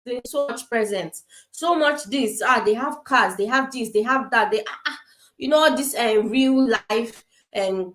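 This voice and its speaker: Speaking through a webcam on a video call, this woman from Africa addresses parents casually in a roomy-sounding space. Her pitch is fairly high, and her earnest delivery circles back on points, full of fillers and false starts.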